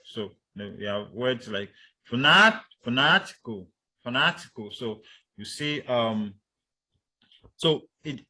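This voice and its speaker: A man's voice: fairly low pitch, slow pace, long pauses, fairly bright tone. A man teaching English stress patterns in a recorded lecture, hesitant with many fillers and restarts, repeating example words for drill. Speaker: instructor.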